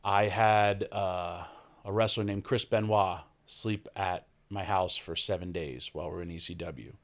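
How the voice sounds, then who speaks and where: Forties New man, low-pitched, animated podcast guest storyteller. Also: unhurried. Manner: animated storyteller, acts out quoted voices. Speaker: wrestling guest.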